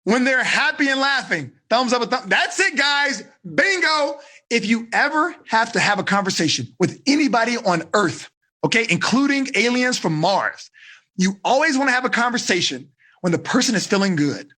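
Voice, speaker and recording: Male teen life coach, animated teaching style, bright husky voice. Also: extremely high pitch, normal speed. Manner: animated, acts out dialogues, asks thumbs up or down.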